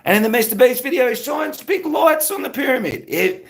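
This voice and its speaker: A man's voice: extremely high pitch, expressive, a little fast. A man, rambling casually to his live-stream chat and greeting viewers by name.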